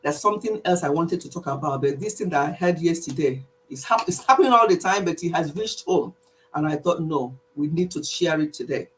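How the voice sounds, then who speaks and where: A woman's voice: sits low, animated, brisk, far from the mic, a little hiss or hum, poor audio. A woman hosting an online praise and health session, speaking earnestly, repeating herself and teasing her listeners playfully over a video call. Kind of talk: casual spoken prayer and chat.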